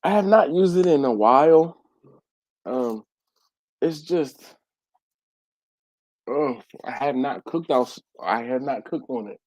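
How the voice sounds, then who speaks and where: Male livestream host, stuffy nose, warm mellow tone, dry close sound, easygoing chat. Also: medium pitch, slow pace, pauses often, dry recording, low-quality recording. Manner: relaxed, reads viewer comments aloud and answers. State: congested. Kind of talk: casual live chat. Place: home.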